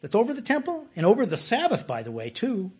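A man preaching a sermon in a relaxed, conversational way who often puts questions to his listeners. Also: high-pitched, quick pace, slightly rough. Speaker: pastor.

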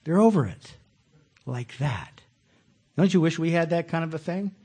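Husky and fairly high-pitched, this male pastor delivers a lively, conversational sermon at a normal pace, questioning his audience and performing the voices of those he quotes.

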